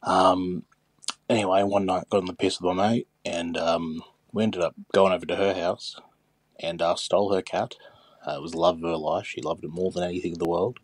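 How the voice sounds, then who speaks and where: A man's voice: low voice, level tone, brisk, no echo. A man with an Australian accent telling a confession story in a voice message, casual and swearing. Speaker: listener sending a voice message.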